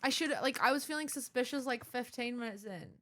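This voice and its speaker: A woman's voice: fairly high pitch, a little fast, sharp tone. A young adult woman streaming live, chatting casually and rambling with lots of fillers.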